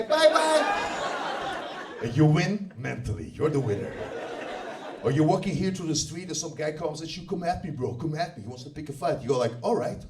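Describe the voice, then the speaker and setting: Animated Russian-accented man doing stand-up. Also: sits high, distant mic. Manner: deadpan, animated delivery with sung bits. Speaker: stand-up comedian. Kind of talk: stand-up comedy set. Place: comedy club stage with audience.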